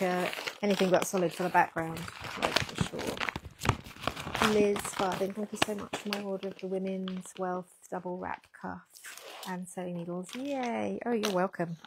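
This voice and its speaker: A yarn shop owner hosts a casual packing livestream, chatting with viewers and reading their comments into a pinned lapel mic. Her voice is lowish and steady at a moderate pace, though the audio is very noisy.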